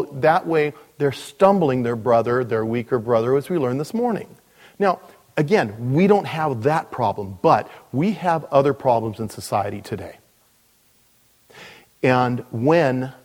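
A man, a pastor, preaching a sermon in a relaxed, joking way, with lots of asides. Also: mid-range voice. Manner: conversational, joking, frequent "you know" asides. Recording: long reverb of a large hall.

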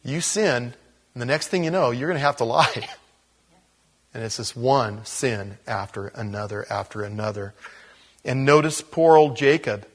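A man preaching in a casual teaching style, reading scripture and adding chatty asides with little acted-out quotes. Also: medium pitch. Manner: casual, chuckles at his own asides, acts out quotes. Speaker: pastor. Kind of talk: conversational Bible teaching.

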